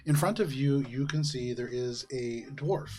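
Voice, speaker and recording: A man narrating a fantasy tabletop game as game master, relaxed and chuckling between descriptions. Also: mid-range voice, measured pace. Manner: relaxed, with frequent ums and laughs.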